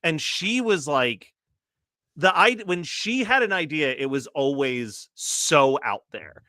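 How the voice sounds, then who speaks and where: A man's voice: a little high, lively intonation, slow, sharp tone, no room sound, studio quality. A man in his late thirties, co-hosting a casual chat and telling a long story full of fillers and laughs. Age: late 30s. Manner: rambling storyteller, many fillers, laughs often. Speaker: co-host.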